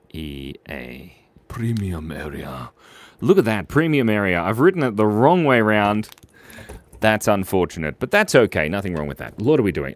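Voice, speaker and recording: A playful man talks through a live drawing stream, calling out viewers' names. His voice sits low but bounces around a lot in pitch. He goes quiet and murmuring while he concentrates on the drawing. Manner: playful and animated, reads out chat names and gives shout-outs.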